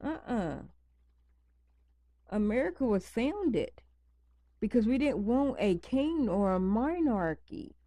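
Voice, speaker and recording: A woman's voice: medium pitch, very animated, takes it slowly, pauses often, dark tone, dry recording. A woman talking casually to her viewers at home, rambling and repeating her points for emphasis. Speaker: vlogger. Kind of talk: casual chat to camera. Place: home at night, near pets.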